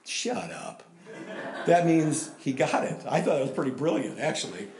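A middle-aged man preaching a sermon in a lively, conversational way, voice rising for emphasis. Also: a little high, brisk. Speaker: pastor. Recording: roomy echo.

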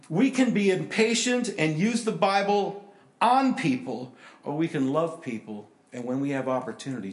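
A middle-aged man preaching a sermon, telling stories and swinging between loud animated bursts and hushed, earnest passages. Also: fairly high pitch. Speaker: pastor. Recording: roomy, echoey hall.

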